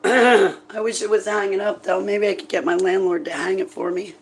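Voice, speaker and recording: A grieving woman, tearful and halting, chatting emotionally and rambling to her viewers. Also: mid-range voice, fairly even intonation, a little hiss or hum, low-quality recording. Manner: halting, rambling and raw with grief. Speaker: vlogger talking to viewers. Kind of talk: emotional live chat to viewers.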